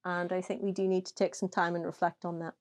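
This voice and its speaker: A woman co-hosting a casual chat show with an Irish accent, telling animated stories, swearing and laughing often. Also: lowish voice, quick pace. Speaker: podcast co-host.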